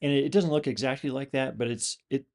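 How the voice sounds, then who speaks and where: A man's voice: medium pitch, fairly even intonation, fast. A man, a host and former pilot, explaining a screen display in a loose, rambling way with many fillers and restarts. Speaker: channel host, former pilot and flight instructor.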